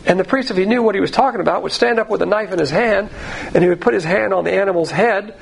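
A man's voice: high-pitched, fast talker, gravelly, a little hiss or hum, low-quality recording. A man preaching a sermon as pastor, talking in a conversational, emphatic way and asking many rhetorical questions.

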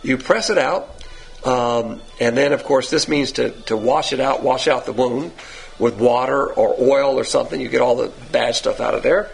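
A man teaching a verse-by-verse sermon, asking rhetorical questions and pushing his pitch up for emphasis. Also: moderate pace, vocal fry, slightly rough, faint music behind, rough recording. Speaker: Bible teacher.

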